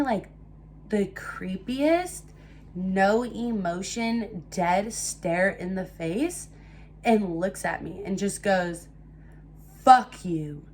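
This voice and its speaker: A young woman telling a casual storytime to her viewers, animated and swearing freely. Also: mid-range voice, a little hiss or hum. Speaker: storytime vlogger.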